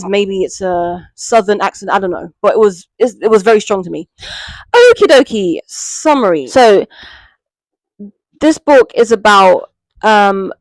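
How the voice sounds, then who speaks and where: A woman's voice: mid-range voice, dry recording, poor audio. A British woman chatting casually through a book review, with plenty of fillers and asides. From Britain.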